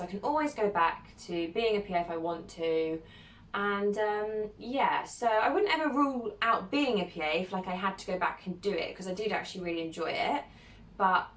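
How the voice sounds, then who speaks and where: A woman's voice: mid-range voice, fairly bright tone. Chatty woman, roomy distant sound. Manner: chatty and giggly, reads each question aloud then answers with lots of ums. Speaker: content creator. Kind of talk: casual chat answering viewer questions. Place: at home, sitting alone.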